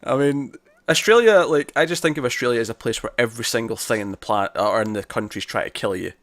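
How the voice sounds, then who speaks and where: A man co-hosts a casual TV review podcast, animated and exasperated, swearing now and then. His pitch sits in the middle for a man. The sound is dry and close, with no room echo. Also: quick pace. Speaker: podcast co-host.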